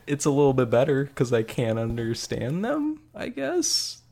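A man chatting casually about a video game, rambling with lots of "like" and animated retelling. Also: mid-range voice, normal speed. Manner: rambling, frequent "like", animated storytelling. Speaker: podcast co-host reviewing a game. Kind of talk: casual chat.

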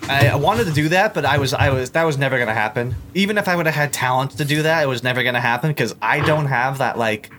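A man's voice: medium pitch, quick pace, hardly any pauses, noisy background. A young man chats casually as a podcast guest, his mid-range voice wandering through fillers and restarts. He talks in a loose, rambling way, circling back on his own thoughts. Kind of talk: casual chat.

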